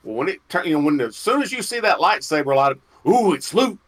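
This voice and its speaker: Folksy, animated storyteller man. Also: on the high side, rapid-fire. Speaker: podcast co-host. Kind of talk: casual storytelling chat.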